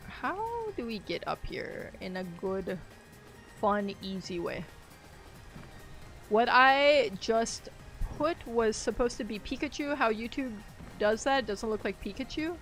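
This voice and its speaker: Her voice sits fairly high and swings widely in pitch, a bit bright in tone. She talks slowly and pauses often over soft background music, rambling casually on her game stream, laughing a lot and reacting aloud to play.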